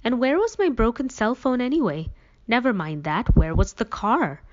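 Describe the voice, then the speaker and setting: A woman reading a novel aloud as an audiobook reader, in a plain, even storytelling manner. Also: on the high side, moderate pace. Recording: dull lo-fi recording.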